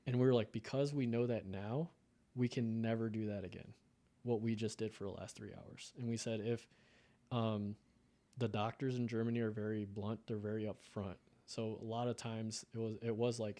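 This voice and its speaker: A man's voice: lowish voice, fairly even intonation, normal speed, mellow. A man in his thirties from the United States, telling an emotional personal story in a casual podcast conversation. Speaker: podcast guest.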